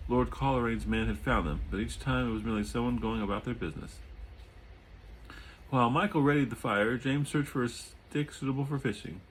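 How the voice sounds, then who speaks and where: A man reading a chapter of his own novel aloud at home, adding relaxed asides and often repeating or correcting words. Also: mid-range voice, slightly rough, rough recording. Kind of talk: audiobook reading with casual asides. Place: home during a thunderstorm.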